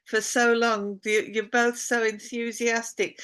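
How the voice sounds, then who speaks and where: A woman's voice: a little high, level tone, a little slow, a bit bright, clear, resonant tone. A woman hosting an online talk over a video call, effusive in praise, with many fillers. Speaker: host.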